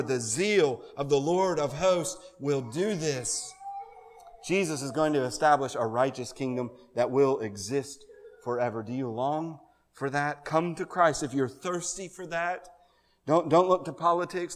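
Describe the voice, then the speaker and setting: A man with a high voice preaches a sermon in a church. His delivery swings between quiet, intimate pleading and loud, fervent calls. The room gives his words a long, ringing reverb. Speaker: pastor. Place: church sanctuary.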